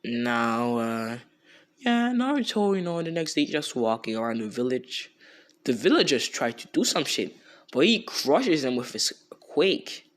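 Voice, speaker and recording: A man's voice: mid-range voice, big pitch swings, a little slow. Rambling young man telling a fan story. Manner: rambling, many fillers, slangy. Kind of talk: casual fan-story retelling.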